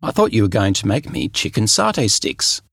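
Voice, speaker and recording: A man's voice: on the low side, big pitch swings, normal speed, gravelly, fairly bright tone, slightly rough, no room sound, studio quality, full character voice. A man voicing a cat turned into a man, breezy and matter-of-fact, in a storybook reading. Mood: cheerful. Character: cat turned man, cheerful and food-loving.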